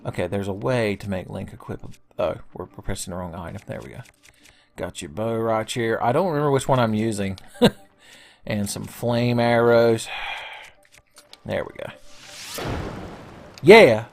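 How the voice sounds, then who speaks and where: A man's voice: fairly low pitch, measured pace, vocal fry, long pauses. Joking, profane young male gamer. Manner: joking, profane, rambling, with silly voices. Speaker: let's play commentator. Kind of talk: casual gameplay commentary.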